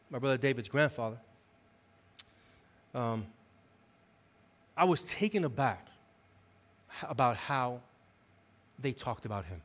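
A man preaching a sermon as associate pastor, telling a story in a lively, conversational way and swinging between loud preaching and quiet, intimate moments. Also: medium pitch. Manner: animated storytelling, conversational with the congregation. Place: church sanctuary.

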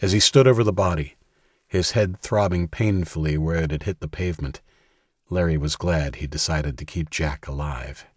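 A man reading a thriller audiobook in steady, measured scripted narration. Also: rumbling low, no room sound, studio quality.

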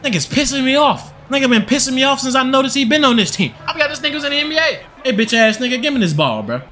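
A man's voice: very high-pitched, big pitch swings, very fast, bright, forceful tone. A young man giving angry, profane gameplay commentary, ranting at the game and the referees. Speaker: gaming channel host.

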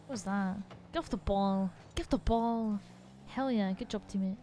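A young woman commentating her own gameplay, excitable and sweary, often yelling at her teammates. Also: medium pitch, unhurried, vocal fry, background noise. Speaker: gaming streamer.

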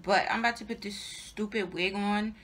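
A woman's voice: medium pitch, steady tone, moderate pace, fairly bright tone. A young adult woman giving a casual, exasperated product review to her viewers, repeating herself and swearing. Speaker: hair reviewer vlogger.

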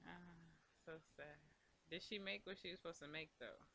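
Man, let's play host, casual gameplay commentary, very bright voice, fairly high pitch, talks to the characters on screen. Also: moderate pace, creaky, a little hiss or hum. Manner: chatty, talks to the game characters and viewers.

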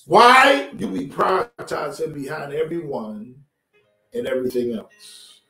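A man preaches a streamed sermon as pastor, keeping it conversational and asking his congregation to respond. His voice is on the high side and sharp, with vocal fry and big pitch swings, delivered unhurriedly. Captured at a distance in a roomy sanctuary, it has faint music in the background.

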